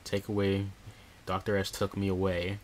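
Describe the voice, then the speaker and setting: A man's voice: low-pitched, monotone, normal speed, a little mellow, a little hiss or hum. A young man casually narrating a let's play, talking to himself and reading in-game notes aloud. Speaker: gameplay streamer.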